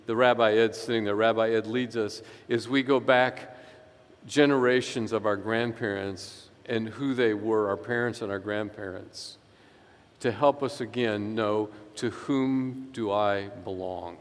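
A man's voice: fairly low pitch, steady tone. Earnest man preaching in an echoey hall. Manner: earnest, emphatic preaching with slow stressed phrases. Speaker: pastor. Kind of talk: sermon.

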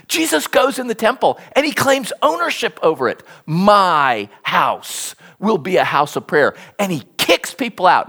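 A preacher telling a story in a sermon, with a husky voice that swings widely between low and high pitches. The delivery is animated and animated, stumbling over repeated words as it builds. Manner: animated storytelling with sudden hushed asides.

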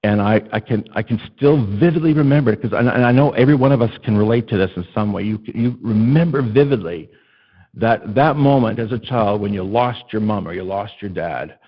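Middle-aged pastor guy preaching, husky voice, kinda dull muffled recording, tells stories all animated. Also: on the low side, brisk. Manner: animated storytelling, acts out a child's panicked screams. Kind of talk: sermon.

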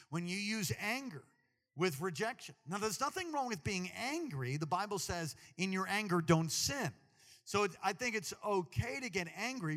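A man preaching a sermon to a congregation, animated and jokey, talking straight to the people in the church. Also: high voice, big-room sound. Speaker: pastor.

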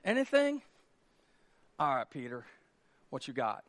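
A weary teacher coaxing quiet students, a man voicing him. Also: mid-range voice, huge pitch swings, measured pace, no room sound, pitched below the performer's own voice. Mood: deflated. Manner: soft, deflated coaxing. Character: weary male teacher calling on silent students.

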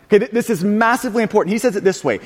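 A man preaching with a very high voice, pressing his points with repetition and frequent restarts. His words ring out in a church sanctuary with a long, lingering reverb. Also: lively intonation, racing. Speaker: pastor. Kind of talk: sermon.

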